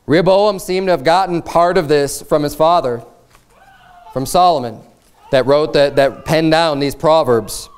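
A man's voice: a little high, measured pace, clear, resonant tone. Earnest preaching pastor, man. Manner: earnest, emphatic preaching with repeated phrases; reads scripture aloud in formal old style. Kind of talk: sermon.

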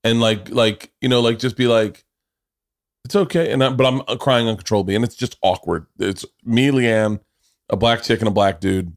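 A man who is a comedian and podcast co-host, telling a story in a casual chat with an animated, profane, jokey delivery. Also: lowish voice, normal speed.

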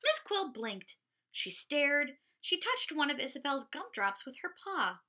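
A woman leading a children's storytime with an animated, encouraging manner. Her high voice swings widely and moves slowly. The tone is very bright. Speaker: children's librarian. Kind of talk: storytime reading for kids.

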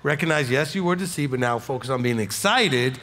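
A man's voice: mid-range voice, animated, fairly quick, heavy background noise. A man teaching a congregation, coaching a listener emphatically and repeating his points for weight. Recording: echoey hall with audience.

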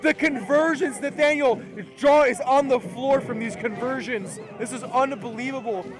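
A man doing fast play-by-play esports commentary, excitable and short of breath, his voice strained from yelling. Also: very high-pitched. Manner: excitable, frequent shouted exclamations. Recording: loud crowd behind. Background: cheering crowd.

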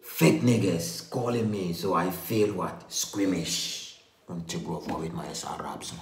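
A man, excitedly repeating and explaining rap lyrics, mixing in local words. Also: sits low, takes it slowly. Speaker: reaction video host. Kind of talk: casual lyric breakdown over music. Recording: echoey room with music playing.

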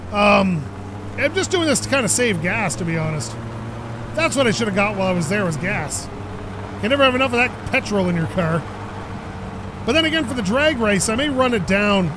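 Chatty high-voiced man, game noise behind. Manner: chatty, rambling, self-deprecating. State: losing his voice. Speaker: gaming YouTuber. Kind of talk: casual gameplay commentary. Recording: noisy game audio behind voice. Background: car engine and game ambience.

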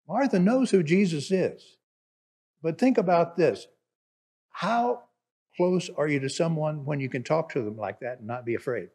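A male pastor giving a conversational, explanatory sermon that gets animated at times. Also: a little high.

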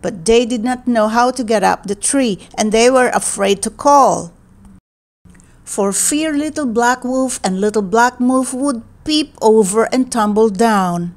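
A woman reading a children's picture book aloud in a gentle, expressive, deliberate way. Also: on the high side. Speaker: read-aloud narrator.

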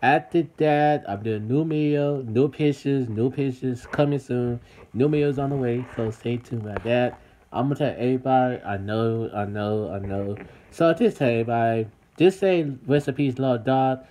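A man's voice: mid-range voice, normal speed, warm tone, slight background noise. A man talking in a casual vlog to his viewers, repeating himself and calling out to everybody. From United States. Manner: repetitive, addresses viewers as everybody. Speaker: vlogger. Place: city.

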